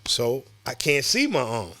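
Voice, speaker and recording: A middle-aged man from Southside Jamaica Queens with a New York accent, telling stories as a podcast guest in an animated, profane way. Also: mid-range voice, unhurried, no echo. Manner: animated, profane, acts out quoted voices. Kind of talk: casual storytelling.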